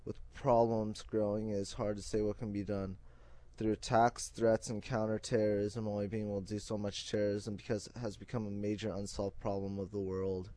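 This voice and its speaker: A teenage boy reading his high school research paper aloud, halting and often restarting words. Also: level tone, dark tone. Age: teens.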